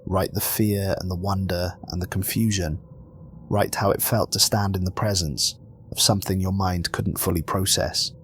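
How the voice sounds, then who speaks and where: A man voicing a calm, commanding archangel who speaks gently but with solemn, measured authority. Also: sits low, slight background noise, close to an everyday voice. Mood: warm.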